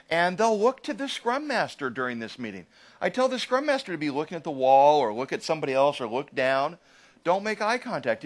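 Man, trainer lecturing a live room, high voice with a lively, swooping delivery. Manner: animated, keeps checking in with "right?". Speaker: agile trainer.

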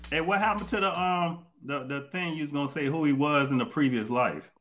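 A man's voice: fairly high pitch, fairly quick, a bit bright, faint music behind. A man co-hosting a casual comic-book chat in teasing, jokey banter.

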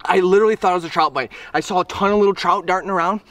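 A man's voice: high-pitched, racing, fairly bright tone, no echo, distant mic. A young man vlogging while fishing on a river, out of breath and shaking, exclaiming and repeating himself. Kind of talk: excited outdoor vlog narration. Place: outdoors by a river.

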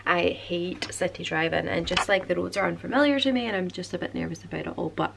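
A woman's voice: fairly low pitch, quick pace, vocal fry, background noise. A Scottish woman in her twenties chatting casually to camera at home in a vlog, rambling with lots of fillers. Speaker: vlogger. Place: at home, bedroom.

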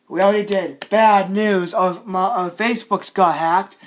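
A man vlogging an angry, repetitive rant, often shouting and scolding. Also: sits high, fairly even intonation, measured pace, hardly any pauses, a little hiss or hum.

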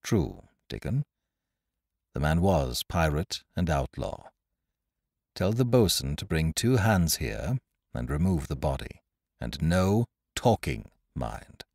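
A man voicing a stern, shrewd ship's captain who gives curt, hushed orders in a storybook reading. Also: big pitch swings, slow pace, gravelly, no echo, studio quality, exaggerated voice. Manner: commanding, curt, low and hushed.

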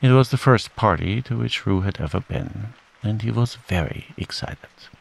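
A man reading a bedtime story aloud in a calm, soothing way and gently voicing the characters. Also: lowish voice, normal speed, gravelly. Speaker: audiobook narrator. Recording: steady rain sound behind the voice. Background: rain.

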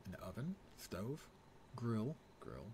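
A man's voice: on the low side, very animated, slow pace, dark tone, slight background noise. A middle-aged man streaming a game, casually thinking aloud as he reads menu items. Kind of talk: casual live gameplay commentary.

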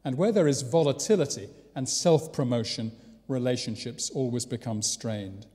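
A man's voice: medium pitch, moderate pace, warm tone. English male preacher, chatty sermon delivery, wry asides, long church reverb. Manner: conversational with rhetorical questions and wry asides. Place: large church.

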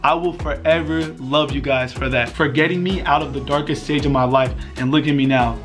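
A young man vlogging, talking earnestly and with deep feeling to his viewers and repeating himself as he thanks them. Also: brisk, music in the background. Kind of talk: emotional thank-you to viewers.

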